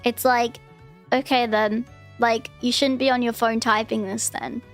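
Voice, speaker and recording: Young woman, high voice, ranting stream chat, lots of swearing, faint music behind. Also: flat delivery, a little slow. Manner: ranting, swearing, mocks people in exaggerated voices. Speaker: VTuber streamer.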